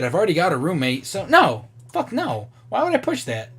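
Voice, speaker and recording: A man's voice: on the high side, sing-song, a little fast, hardly any pauses, fairly bright tone, slightly rough. A man in his twenties chatting casually on camera, thinking aloud and swearing freely as he reacts. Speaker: vlogger.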